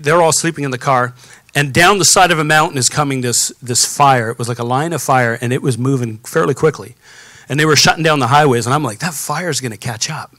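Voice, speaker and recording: A pastor preaches a sermon in a relaxed, storytelling way, often stopping to put rhetorical questions to the congregation and add asides. He's an adult with children, and his voice is bright, forceful, and a little high for a man, recorded dry and close with no room sound.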